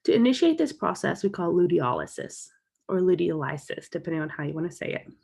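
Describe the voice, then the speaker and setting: A woman's voice: on the low side, very animated, racing, creaky, a little mellow, breathy edge. A woman explaining a topic as a college lecturer in a recorded lecture, walking through slides and recapping key points.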